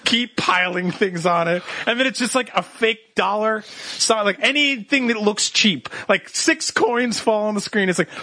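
A man's voice: high-pitched, a little slow, pushed and bright, no echo. A man co-hosting a comedy podcast, riffing absurd bits with swearing and laughing through his sentences. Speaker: podcast co-host.

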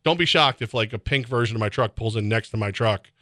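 Homem animado em rádio esportivo. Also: male voice, lowish voice, fast, no echo, clean studio sound. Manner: excitable, laughing, rambling. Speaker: sports radio host. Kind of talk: casual sports radio banter. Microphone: studio microphone.

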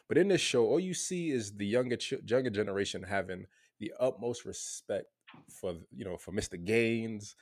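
A man's voice: lowish voice, expressive, moderate pace, no echo, studio quality. Laid-back man chatting about a show. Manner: laid-back, many fillers and restarts. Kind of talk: casual chat.

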